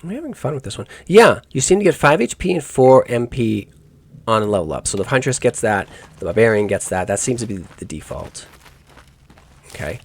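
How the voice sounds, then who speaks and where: Here the gaming YouTuber sounds very animated and slightly creaky, talking a little fast at medium pitch. He rambles through his let's play, thinking out loud and fixing his own words as he goes.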